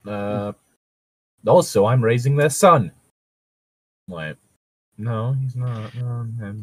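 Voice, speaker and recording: A man's voice: mid-range voice, slow pace, dry recording, poor audio. A young man co-hosting a fan fiction reading podcast, ranting sarcastically and swearing freely. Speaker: co-host.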